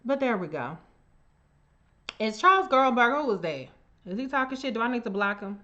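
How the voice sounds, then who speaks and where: An American woman hosting a livestream delivers heated political commentary, profane, confrontational and emphatic, speaking straight to her commenters. Her voice is a little high, bright and forceful, very animated at a moderate pace, though the audio sounds dull.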